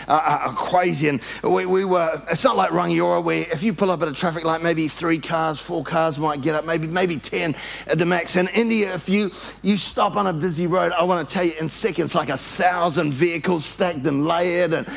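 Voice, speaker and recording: A male pastor delivers a lively sermon at a church service and tells stories with animation. His voice sits high and has a heavy, gravelly rasp. He often calls on the congregation to repeat phrases back to him. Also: moderate pace. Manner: animated storytelling, leads call-and-response with congregation.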